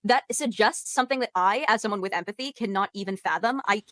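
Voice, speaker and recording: A woman's voice: mid-range voice, fast talker, a bit bright, dry recording. A woman arguing firmly in a heated debate, repeating her points and pressing her accusations. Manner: insistent, repeats herself, firm accusations. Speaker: debate panelist.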